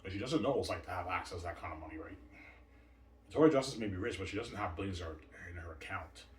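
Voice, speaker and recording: A man's voice: deep voice, expressive, quick pace. A man rambling and boasting in a repetitive monologue, recorded in a roomy space far from the mic. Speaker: vlogger. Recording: roomy, distant from mic, faint noise.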